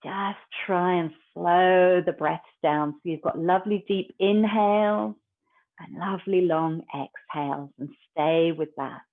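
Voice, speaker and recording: A woman, a yoga teacher guiding a class in a calm, gentle, unhurried way. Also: lowish voice. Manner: calm, slow, gentle guidance. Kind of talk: guided yoga instruction. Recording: tinny phone-like recording.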